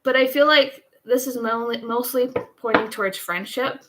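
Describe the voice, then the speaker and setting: This tarot reader's voice sits on the high side, fairly bright, at a moderate pace, though the audio is poor with slight background noise. Reading live, she chats casually and meanders, frequently breaking off to restart a sentence or laugh.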